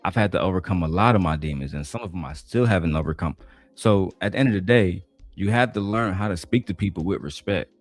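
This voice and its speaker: A man's voice: low voice, fast talker, dry recording, soft background music. A man hosting a casual commentary, talking bluntly and swearing often. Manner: blunt, swears often, talks over clips. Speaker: commentary host.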